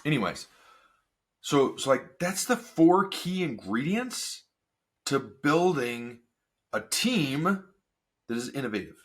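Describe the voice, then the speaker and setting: A man hosting a casual solo podcast, energetic and full of rhetorical questions. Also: medium pitch, slow, long pauses, slightly rough. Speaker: podcast host.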